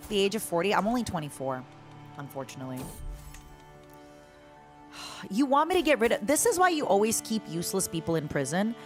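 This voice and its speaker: A woman's voice: mid-range voice, very animated, fairly quick, pauses often. A woman streaming a strategy game, chatting in a playful, joking way with her viewers over faint background music. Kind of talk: casual gameplay chat.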